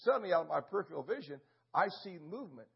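An older male pastor with a high, husky voice tells a story from the pulpit, acting it out with punchy sound effects. The recording is dull and lo-fi. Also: big pitch swings, rapid-fire. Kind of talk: storytelling sermon.

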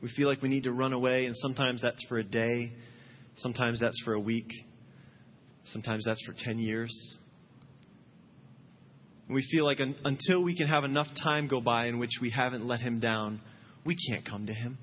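A man's voice: medium pitch, moderate pace, pauses often, slight background noise. A man preaching a sermon as pastor, earnest and imploring, rising to fervent calls. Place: church sanctuary. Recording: muffled sound in a long-reverb hall.

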